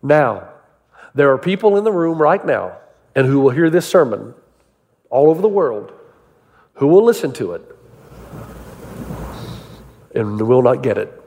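A man preaching a sermon, telling stories and asking his listeners rhetorical questions in an animated way. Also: mid-range voice, a little slow, long pauses, in a large hall. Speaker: pastor.

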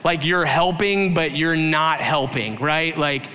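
Male pastor, bright and fairly high voice, preaching a candid personal story in a sermon. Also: slow, long reverb tail, a little hiss or hum. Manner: candid storytelling with acted quotes; loose, filler-heavy talk.

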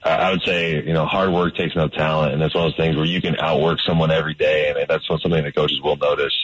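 A man, a pro football player, talking casually as an interview guest in a modest, halting way with restarts. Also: very deep voice, little pitch movement, a bit bright, husky, no echo. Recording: dull lo-fi radio sound.

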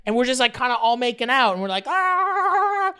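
A Canadian podcast guest with a very high, smooth voice tells rambling stories at a moderate pace in casual chat. He's animated and acts out voices as he goes.

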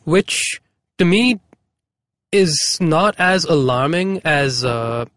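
A man co-hosting a casual podcast, upbeat and rambling, often pausing on fillers. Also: fairly high pitch, expressive, fairly bright tone, no echo. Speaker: podcast co-host. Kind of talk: casual chat.

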